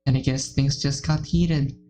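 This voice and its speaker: A woman's voice: rumbling low, fairly even intonation, measured pace, warm tone, low-quality recording. A woman reading as a timid, anxious teen girl. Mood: recounting. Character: timid, anxious, self-blaming teenage girl. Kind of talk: reading visual novel text aloud.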